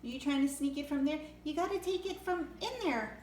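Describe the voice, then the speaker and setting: Very high-pitched woman cooing to a bird. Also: brisk, darkish tone. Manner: sing-song baby talk to a bird. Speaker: pet bird owner. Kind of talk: cooing pet talk. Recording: roomy with faint noise.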